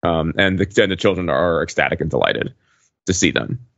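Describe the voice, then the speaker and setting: Podcast host, man in his forties, low voice, rambling and filler-heavy, dry dull mic. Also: normal speed, vocal fry, a bit bright, no room sound. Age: 40s. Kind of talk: casual chat.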